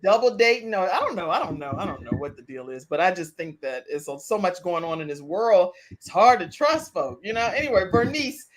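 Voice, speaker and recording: A woman talk show host from the Bay Area chats with her guests. Her manner is casual, colloquial and lively, with frequent laughter. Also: on the low side, brisk, few pauses.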